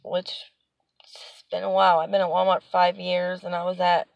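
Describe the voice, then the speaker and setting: A woman's voice: fairly low pitch, little pitch movement, moderate pace, creaky, dry recording. A young woman talking casually in her home vlog, venting with exasperation and lots of "like". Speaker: vlogger.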